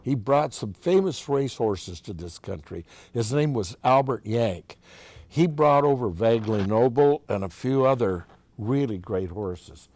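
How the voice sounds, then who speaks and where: A man's voice: mid-range voice, expressive, a little slow, a little mellow, no echo. An older man from Oregon, a musician as interview guest, telling long folksy anecdotes in a chatty way with frequent restarts. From Oregon, USA. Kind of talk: casual storytelling.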